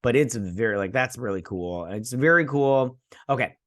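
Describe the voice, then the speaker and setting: A young man recaps a TV episode in a loose, rambling way, full of ums and false starts. His voice swings widely in pitch as he gets animated. The sound is dry and close, with no room echo. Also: moderate pace. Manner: rambling, many fillers and restarts; animated, acts out characters' lines. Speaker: TV show reviewer.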